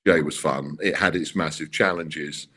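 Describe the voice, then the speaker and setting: A middle-aged man, a racing car designer, telling stories in an interview with halting restarts and acted-out quotes. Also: extremely low pitch, fairly even intonation, fairly bright tone, slightly rough. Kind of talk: animated storytelling interview.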